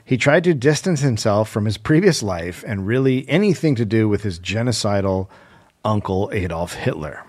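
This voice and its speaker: A man's voice: on the low side, animated, normal speed, a little mellow. A man co-hosting a comedy history podcast, reading notes with stumbles and wry asides. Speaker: podcast co-host.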